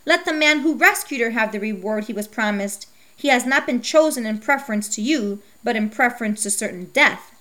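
A woman's voice: fairly high pitch, animated, brisk, few pauses, bright, forceful tone. A woman voicing a frantic old king, who speaks in a raised, urgent and formal way. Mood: indignant.

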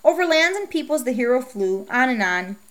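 A woman reads an old myth aloud in storybook style. Her voice sits a little high, and her reading is steady and measured. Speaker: narrator.

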